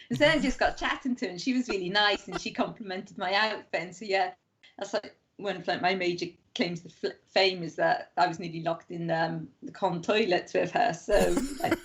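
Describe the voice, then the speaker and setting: A woman's voice: medium pitch, a little fast. A young woman in casual podcast chat, telling rambling stories full of "like" and acted-out quotes. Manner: rambling storyteller, lots of "like", acts out quotes. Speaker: guest. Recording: dull lo-fi podcast audio.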